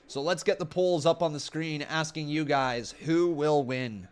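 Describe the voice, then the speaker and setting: A man's voice: on the high side, a little slow, smooth. A man hosting a live watch-along stream, chatting casually and telling stories with lots of exclamations. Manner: excitable, animated storytelling with exclamations.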